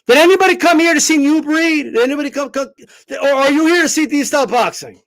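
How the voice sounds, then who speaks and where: A man's voice: extremely high pitch, fast talker, fairly bright tone. A man hosting a boxing show, ranting brashly and profanely in a casual livestream style. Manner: brash, profane, mocks commenters in put-on voices. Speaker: boxing channel host. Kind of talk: animated livestream rant.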